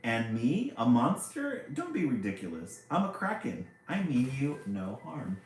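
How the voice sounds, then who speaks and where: A man voicing a kind, gentle sea kraken in a theatrical, drawn-out way. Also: medium pitch, wildly swooping pitch. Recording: very echoey room, faint music.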